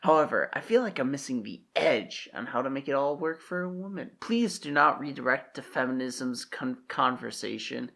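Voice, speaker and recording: Gravelly, bright-voiced young man. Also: medium pitch, expressive, normal speed, few pauses. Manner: sarcastic, jumps in with jokes. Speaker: podcast co-host. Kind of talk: comedic reading and banter.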